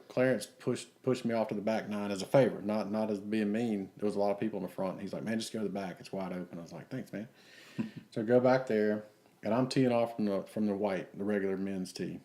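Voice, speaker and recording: A man's voice: fairly low pitch, dark tone. A man co-hosting a podcast, telling rambling anecdotes and acting out the quotes. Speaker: podcast co-host. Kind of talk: casual storytelling chat.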